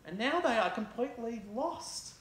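A woman's voice: fairly high pitch, big pitch swings, normal speed, echoey room, slight background noise. Chatty woman preaching in a church. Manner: chatty, conversational retelling with fillers. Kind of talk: sermon.

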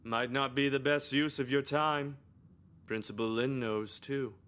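A man's voice: mid-range voice, fairly even intonation, measured pace, fairly bright tone, natural voice. A man playing a sleazy, mocking school staffer. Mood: sly, taunting. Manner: smooth, mocking, insinuating. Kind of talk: video game voice acting.

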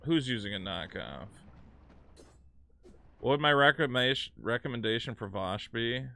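A man's voice: medium pitch, animated, moderate pace, gravelly, pushed and bright. A man streaming a video game, chatting casually, rambling and swearing, and scolding his cat. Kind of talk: casual live gaming stream chat.

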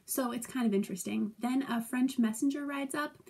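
A woman's voice: on the high side, a little fast, creaky, darkish tone, husky. A woman teacher casually summarizing a play for her students, chatty and playful, with lots of fillers. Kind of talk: casual classroom summary video.

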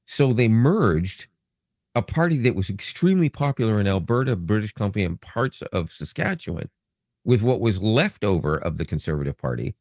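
A man's voice: lowish voice, normal speed, no echo, studio quality. A Canadian man co-hosting a podcast, chatting casually with jokes and rambling asides. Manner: rambling, joking, animated storytelling. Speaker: podcast co-host. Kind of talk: casual chat.

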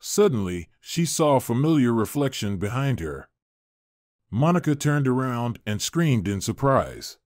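A man narrating a dramatic story in a scripted, expressive reading. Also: medium pitch, a little slow, dry recording, studio quality.

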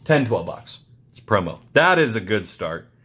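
A young man excitedly opening trading card packs for his channel, muttering card names with sudden yelps of delight. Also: moderate pace, breathy edge. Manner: excitable, muttering asides, jumpy pitch. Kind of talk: casual pack-opening commentary.

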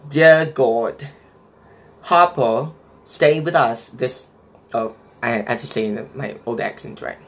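A man's voice: medium pitch, slow, pauses often, fairly bright tone. A man playing a vain young woman who speaks Malaysian English with a put-on British accent, affected and self-important, in a comic character monologue. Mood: strained reading. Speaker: comedy sketch performer.

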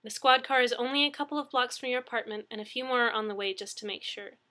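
A woman's voice: fairly high pitch, quick pace, pushed and bright, pitched above the performer's own voice. A woman voicing a friendly female emergency dispatcher who talks in a chatty, reassuring way in an audiobook reading.

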